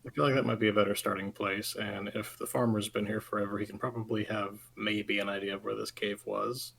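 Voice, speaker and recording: A man chatting as a tabletop game player, skeptical and working through his reasoning out loud. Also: lowish voice, flat delivery, brisk, vocal fry, slight background noise, poor audio. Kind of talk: casual tabletop game chat.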